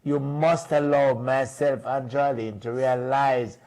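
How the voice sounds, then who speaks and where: Slow, joking Jamaican man. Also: mid-range voice, steady tone, darkish tone. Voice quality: joking, laughing, switches into patois. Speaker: telethon host. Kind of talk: casual chat.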